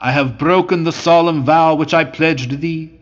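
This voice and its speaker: A man's voice: on the high side, steady tone, moderate pace, highs cut off, lightly acted. A man reading aloud voices a young marquis in debt from gambling, brooding and impatient. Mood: despairing.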